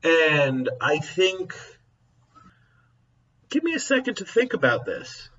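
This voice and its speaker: A very animated teacher with a fairly high, somewhat bright voice talks slowly to camera in a casual vlog, chuckling and repeatedly interrupting himself to set things straight as he rambles. The mic is distant and the high frequencies are cut off.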